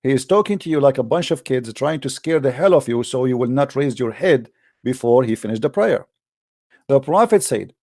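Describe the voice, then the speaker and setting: A man's voice: mid-range voice, expressive, normal speed, a little mellow. A man hosting a heated religious debate in non-native English, combative and mocking, often repeating himself. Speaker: debate show host.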